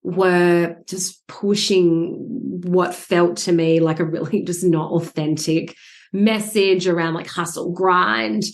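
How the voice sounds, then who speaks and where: A woman's voice: on the low side, steady tone, takes it slowly. A woman guest on a podcast, chatting casually over a video call about her coaching journey, rambling and restarting with frequent laughs. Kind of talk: casual interview chat.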